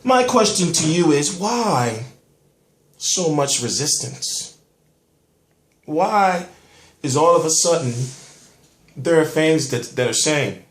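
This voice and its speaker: A man's voice: a little high, big pitch swings, unhurried, long pauses, reverberant. A man hosting a boxing show in casual, rambling commentary, firing rhetorical questions and swearing freely. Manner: rambling, rhetorical questions, profane street talk.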